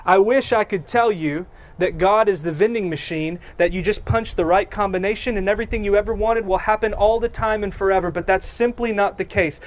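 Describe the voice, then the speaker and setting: A man's voice: sits high, a little fast, hardly any pauses. A man preaching a sermon, telling the story in a folksy, conversational way and acting out the characters' lines in casual voices. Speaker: pastor.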